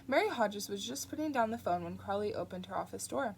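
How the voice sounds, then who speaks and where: Give me a woman narrating an audiobook, steady and plain. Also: medium pitch, fairly quick, gravelly, slight background noise. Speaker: audiobook reader.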